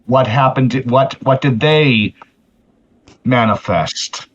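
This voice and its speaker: A man's voice: medium pitch, slow, a little hiss or hum. A man chatting eagerly as a player in a tabletop game, quizzing the others with questions. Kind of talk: casual chat during a tabletop game. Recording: muffled lo-fi audio.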